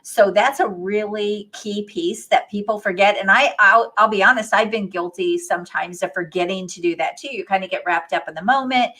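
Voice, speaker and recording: A woman's voice: mid-range voice, normal speed, few pauses, bright, forceful tone. A woman hosting as a business coach, giving enthusiastic, encouraging advice in casual chat.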